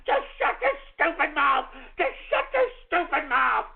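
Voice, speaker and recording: A man's voice: extremely high pitch, sing-song, unhurried, vocal fry, few pauses. A man hosting a talk radio show, closing it with an exasperated, theatrical rant that curses at his listeners. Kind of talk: ranting talk radio sign-off. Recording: phone-like lo-fi radio stream.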